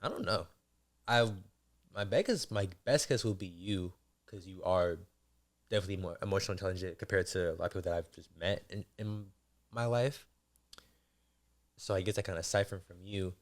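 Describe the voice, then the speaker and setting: Hesitant young man, very low voice. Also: a little fast. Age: young adult. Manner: reflective and hesitant. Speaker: podcast co-host, son. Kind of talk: casual conversation.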